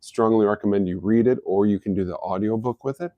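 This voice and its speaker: A man's voice: lowish voice, quick pace, no echo, dull audio. A middle-aged man hosting a live health talk, explaining in an easygoing, casual way. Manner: easygoing, explanatory, chuckles at his own jokes. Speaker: host of a health live stream.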